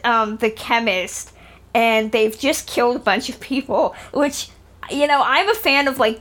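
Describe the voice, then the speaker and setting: A woman's voice: a little high, a bit bright. A woman co-hosting a casual film review chat, talking with chatty, hesitant restarts. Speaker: film podcast co-host.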